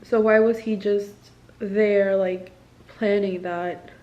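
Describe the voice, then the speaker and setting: A woman's voice: medium pitch, fairly even intonation, slow pace, dull audio. A young woman in a candid confessional vlog, distressed, rambling and swearing often, with lots of "like". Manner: rambling, profane, filler-heavy "like". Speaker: military spouse.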